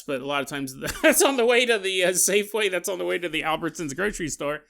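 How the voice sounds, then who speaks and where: A man telling a comic story as a podcast host. His voice is high and bright, and he talks in an animated, joking way with laughing asides. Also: fast talker, gravelly, hardly any pauses. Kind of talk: comedic storytelling.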